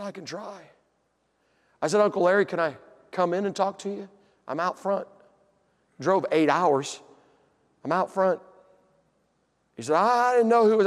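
Preaching man in a reverberant church. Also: fairly high pitch. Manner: storytelling, building to shouted emphasis. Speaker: pastor. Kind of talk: sermon. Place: church hall.

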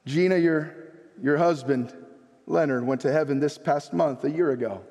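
High-voiced preacher in a reverberant church. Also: male voice, moderate pace, a little mellow. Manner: preaching with rising emphasis and repetition, quoting scripture. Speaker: pastor. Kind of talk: sermon. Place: church sanctuary. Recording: long reverb of a church hall.

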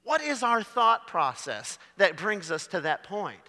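A man preaching a dramatic sermon, swinging from loud to hushed. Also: sits high, very animated, a little slow, few pauses, long reverb tail.

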